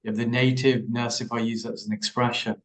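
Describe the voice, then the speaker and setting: A man's voice: medium pitch, flat delivery, quick pace, poor audio. A man hosting an interview, easygoing and joking as he asks probing questions. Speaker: interviewer, host. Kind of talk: casual interview chat.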